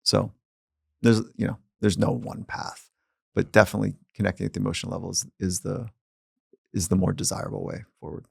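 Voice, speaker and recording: A man who is a psychologist and podcast host, talking in a calm, reflective way in casual conversation. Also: deep voice, a little fast, gravelly, slightly rough, no echo, studio quality. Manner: calm and reflective, speaking at length.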